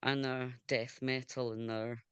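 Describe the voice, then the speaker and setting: A woman's voice: a bass voice, level tone, clear, resonant tone, no echo, highs cut off. A Scottish woman hosting a radio show, chatting enthusiastically with a guest over a video call. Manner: chatty and enthusiastic, quick to laugh. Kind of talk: casual video interview chat.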